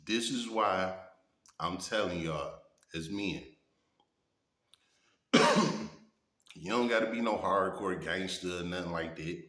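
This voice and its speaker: A man's voice: sits low, takes it slowly, long pauses, a bit bright. A man in his thirties telling stories in a blunt, profane way, a vlogger who often asks his viewers "you know what I'm saying". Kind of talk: casual storytelling monologue. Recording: echoey room.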